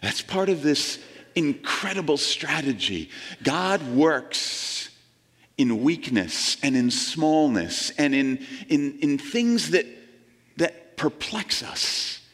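A man preaching a sermon in an earnest way, slowing down and dropping low as he reads scripture and lifting his voice to stress a point. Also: sing-song, fairly bright tone, big-room sound. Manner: earnest, slows and drops low on scripture, lifts for emphasis. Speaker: pastor.

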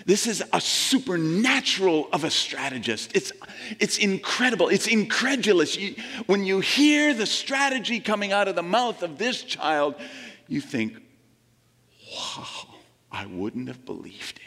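In a large room where a long reverb trails his words, an earnest male pastor preaches a sermon in a voice a little higher than most men's. He slows and sinks low on scripture lines, then lifts for emphasis, sounding expressive with a sharp tone.

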